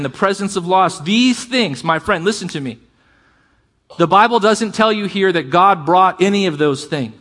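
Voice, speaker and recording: High-voiced man preaching with passion. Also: a bit bright. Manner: impassioned preaching with conversational asides; reads scripture aloud with drawn-out emphasis. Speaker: pastor. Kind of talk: sermon.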